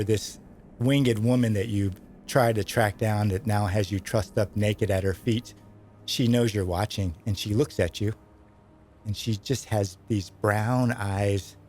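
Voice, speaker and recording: A man's voice: fairly low pitch, a little mellow, a little hiss or hum. A man narrating as game master of a tabletop role-playing game, describing scenes vividly in a casual way.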